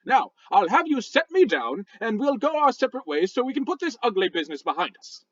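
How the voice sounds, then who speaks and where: A man's voice: extremely high pitch, big pitch swings, brisk, highs cut off, heavily acted. A man voicing a prissy, easily offended male rock that speaks in a posh British accent with stuffy, old-fashioned phrasing, in a tabletop game. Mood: indignant.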